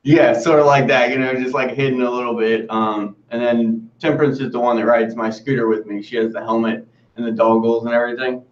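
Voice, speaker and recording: A man's voice: mid-range voice, steady tone, a little fast, hardly any pauses, a little hiss or hum. A man being interviewed over a video call, upbeat and a little shy, laughing easily as he talks about his dogs. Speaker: interview guest. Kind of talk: casual interview. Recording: distant, dull, echoey call audio.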